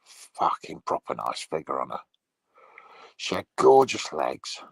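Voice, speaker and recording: A man playing a crude male troll, delivering a rambling, swear-filled comedy monologue in a gravelly, husky voice. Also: very deep voice, sing-song, a little slow, no echo, full character voice, poor audio.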